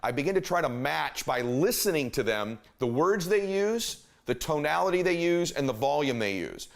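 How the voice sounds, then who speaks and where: A man's voice: on the high side, very animated, moderate pace, vocal fry. A man giving a motivational talk, speaking emphatically, repeating his key phrases and shifting his pace and volume to make a point.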